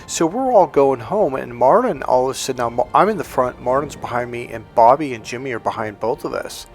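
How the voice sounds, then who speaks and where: A man's voice: mid-range voice, animated, a little fast, soft background music. A man telling a childhood story in a casual monologue, with frequent "like" fillers and quoted lines. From Northern California. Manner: casual, heavy use of "like", acts out quoted lines. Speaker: relationship coach.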